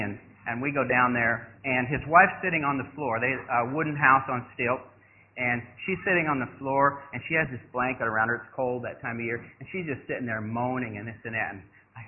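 An older man tells a story from the pulpit and voices each person in the dialogue, rising sharply for the surprised parts. The audio is thin and tinny, close to a phone line, with a faint hiss underneath. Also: medium pitch. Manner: animated storyteller acting out dialogue. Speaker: preacher. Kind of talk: sermon storytelling.

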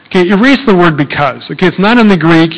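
A man's voice: high-pitched, animated, quick pace, in a large hall, poor audio. A man preaching a sermon in a conversational way, often checking in with "okay?" and using fillers. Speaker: pastor.

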